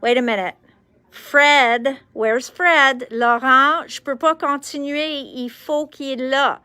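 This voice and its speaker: A woman's voice: high-pitched, steady tone, takes it slowly, bright, forceful tone, dry recording. Chipper woman hosting a live stream. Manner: chipper, greets viewers by name, switches between English and French. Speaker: shop host on a livestream. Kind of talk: live shopping stream chat.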